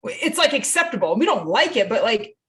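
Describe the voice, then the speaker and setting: A woman coaching guest on a podcast, talking casually and quickly. She tells stories with plenty of animation and slips into the voices of the people she quotes. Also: on the high side. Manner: animated storytelling, acts out quotes.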